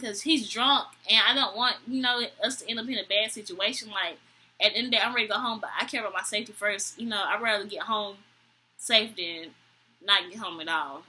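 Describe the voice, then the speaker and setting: A young woman, telling a story to camera in an animated, exasperated way. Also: breathy edge, poor audio. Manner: animated, exasperated, quotes people with high voices. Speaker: vlogger. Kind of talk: storytime vlog, casual chat to camera.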